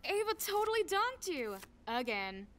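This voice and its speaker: A woman's voice: extremely high pitch, very animated, unhurried, heavy background noise, exaggerated voice. An actress voicing a teasing kid in a cartoon, drawing out her words.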